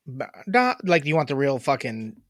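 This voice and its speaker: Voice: mid-range voice, sing-song, moderate pace, no echo, clean studio sound. A podcast co-host in casual chat who laughs, swears, and mocks their own failed accent attempts. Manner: laughing, swearing, self-mocking.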